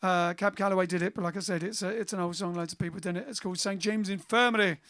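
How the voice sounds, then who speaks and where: A man's voice: high-pitched, fairly even intonation, quick pace, no echo, clean studio sound. A man from England hosting a band's livestream, chatting, telling jokes and reading out viewer comments. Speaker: band singer and livestream host. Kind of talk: casual chat and jazz singing. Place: indoors, home livestream. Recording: music playing loud behind the voice. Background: band music.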